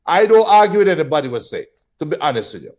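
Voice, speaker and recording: A man with a Jamaican accent co-hosting a casual football chat, arguing back and cutting in with quick objections. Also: on the high side, sing-song, darkish tone. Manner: argumentative, cuts in with rapid no-no-no objections. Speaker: football show co-host. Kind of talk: casual match watch-along chat.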